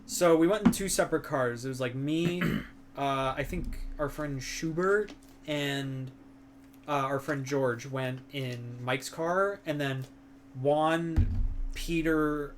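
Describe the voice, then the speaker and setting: Taking it slowly, this young stream co-host rambles through long casual stories laced with fillers and crude language. His voice sits on the high side, and there's slight background noise.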